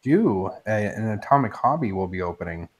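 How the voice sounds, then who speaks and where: A man co-hosting a casual live-streamed hobby talk show, excitable and joking. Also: lowish voice, moderate pace. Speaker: podcast co-host.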